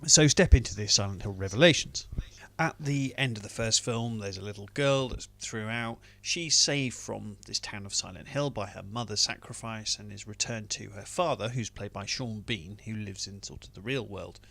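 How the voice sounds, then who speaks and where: A man's voice: on the low side, normal speed, gravelly, fairly bright tone. A British man giving a wry, dismissive film review in a casual monologue. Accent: British English.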